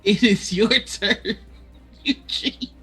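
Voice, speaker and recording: A woman's voice: medium pitch, fairly bright tone, slightly rough. A woman running a tabletop game as game master, laughing often between lines. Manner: laughs often, drawn-out delivery. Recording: faint music behind.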